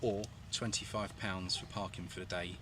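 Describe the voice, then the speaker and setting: A man chatting casually in a quick, offhand way. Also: sits low, fairly even intonation. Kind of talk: casual chat. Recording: distant, noisy outdoors.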